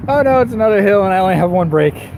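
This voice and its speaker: A chatty man with a somewhat high voice vlogs as he rides a bike through town streets, rambling and laughing at himself. Street noise and passing traffic come through clearly behind him on the camera mic. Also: lively intonation, very fast, darkish tone. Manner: chatty, rambling, self-deprecating, laughs often. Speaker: bike shop owner and vlogger. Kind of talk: live-stream commentary while riding a bike. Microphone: camera on the rider, action camera. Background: traffic and street sounds.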